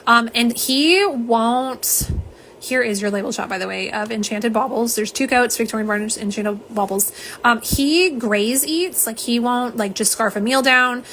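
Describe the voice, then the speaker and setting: A woman's voice: fairly high pitch, unhurried, fairly bright tone, slight background noise. Chatty woman swatching polish. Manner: chatty, rambling, reads viewer comments aloud. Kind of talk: live unboxing chat. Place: home.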